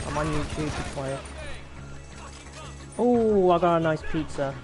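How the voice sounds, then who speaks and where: A man's voice: on the high side, animated, unhurried. A young British man chatting casually while playing, rambling and answering his chat. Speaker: gaming YouTuber. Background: game music and gunfire.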